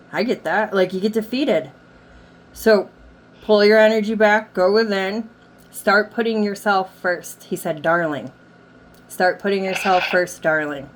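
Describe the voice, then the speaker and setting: A woman working as a medium, passing on messages from the dead during a reading, with a lot of hedging and "like". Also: mid-range voice. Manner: relays messages, hedging with many likes. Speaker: psychic medium. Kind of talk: spirit reading session.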